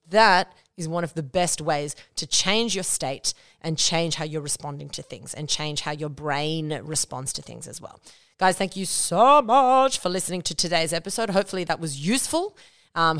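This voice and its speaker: A woman's voice: low-pitched, dry recording, studio quality. A woman hosting her own podcast, talking casually and frankly, swearing freely as she explains things to her listeners. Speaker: podcast host. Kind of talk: casual solo podcast talk.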